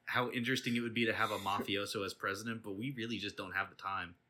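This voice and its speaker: A man's voice: on the low side, steady tone, quick pace, very noisy. A man hosting a casual podcast chat, teasing his co-hosts and mocking himself. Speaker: podcast host.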